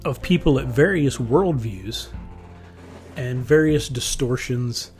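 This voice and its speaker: A man's voice: medium pitch, slow pace, a little mellow, faint music behind. Rambling, chuckling man in casual monologue. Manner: rambling and conversational, with frequent chuckles.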